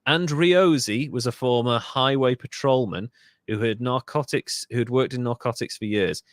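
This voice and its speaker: A Welsh podcast host with a middle-pitched voice reads a story aloud, stopping now and then for asides and quick self-corrections. The recording is dry and close, with no room sound at all.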